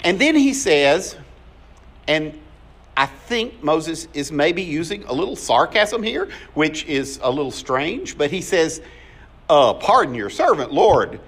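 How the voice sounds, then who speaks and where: A man's voice: fairly high pitch, sing-song, slow, gravelly, fairly bright tone. A male pastor giving a sermon, telling scripture stories and acting out the dialogue. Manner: storytelling, acts out scripture dialogue.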